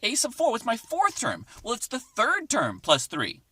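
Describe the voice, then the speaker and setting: A man's voice: very high-pitched, huge pitch swings, moderate pace, sharp tone, breathy edge, no room sound. A man teaching a math lesson to his class from inside a parked car, chatty and encouraging as he works through examples aloud. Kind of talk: casual recorded math lesson.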